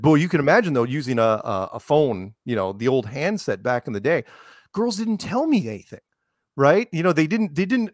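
A middle-aged man with a soothing, low voice chats in a rambling, storytelling way, slipping into quoted voices as he goes. He sits close to the mic on a video call with a dry, dead sound. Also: normal speed, dry recording. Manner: rambling storyteller, animated quoting. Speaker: show host. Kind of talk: casual interview chat.

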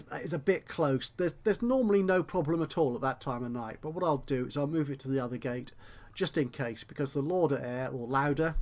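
A man casually commenting on a management game he is playing, rambling and correcting himself with wry asides. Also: medium pitch. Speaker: let's play host.

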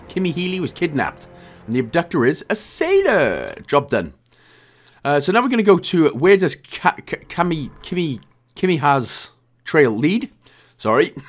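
A man from Wales giving a casual, jokey game walkthrough, chatty and often correcting himself. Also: fairly high pitch. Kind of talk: casual gameplay commentary.

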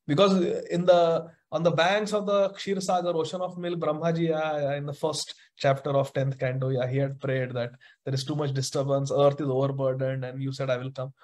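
Animated man teaching scripture. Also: on the high side. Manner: animated, chants verses and mixes in Hindi phrases. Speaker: spiritual teacher. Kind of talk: devotional scripture class.

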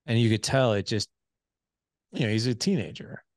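A man in his forties, a podcast host, telling a personal story in casual conversation and acting out the dialogue with lively voices. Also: medium pitch, moderate pace, no echo, studio quality. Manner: animated storyteller who acts out quoted dialogue.

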